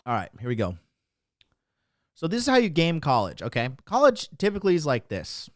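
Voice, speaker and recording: A man's voice: fairly high pitch, huge pitch swings, fairly quick, no echo, studio quality. A man coaching on dating, ranting on a livestream to his chat in a brash, boastful and mocking way, punctuating points with "okay?". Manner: emphatic, keeps asking "okay?".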